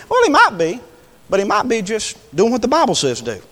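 A preacher with a high, lively voice, preaching a sermon in a church sanctuary. He slides from quiet, conversational asides up into ringing, impassioned shouts. The room adds a long reverb tail to every line. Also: fairly quick. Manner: impassioned, swings from low talk to high shouts.

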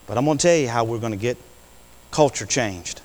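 Fervent preacher in an echoey hall. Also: male voice, medium pitch, fairly quick. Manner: repeats phrases, asks the congregation "amen?"; swings from soft storytelling to shouted climaxes. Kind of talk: sermon.

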